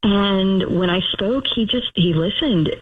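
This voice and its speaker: A woman's voice: medium pitch, measured pace, breathy edge. A young woman rambles happily through her story with many "um"s and "like"s. Her voice comes down a tinny, narrow phone line. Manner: chatty, gushing, many fillers and restarts. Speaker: caller. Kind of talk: telling a dating story on a call-in show.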